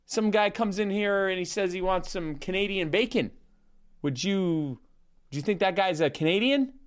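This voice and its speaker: A man putting on a low, deadpan, halting comedian voice to tell a rambling joke about being teased. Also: close to an everyday voice. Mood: aggrieved deadpan. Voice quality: deadpan, drawling, halting with restarts. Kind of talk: comedian impression bit.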